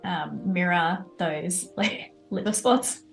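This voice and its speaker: A woman from Australia, a guest lettering artist, relaxed and talking as she draws. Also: lowish voice, slow, creaky, soft background music, low-quality recording. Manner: relaxed, talks while drawing. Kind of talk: casual demo narration.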